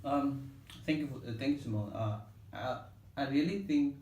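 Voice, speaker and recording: A man's voice: medium pitch, moderate pace, darkish tone, slight background noise. A man co-hosting a music vlog who talks in an analytical way, hesitating and repeating words. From not from Cape Town. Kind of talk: casual discussion. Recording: echoey room, mic at a distance.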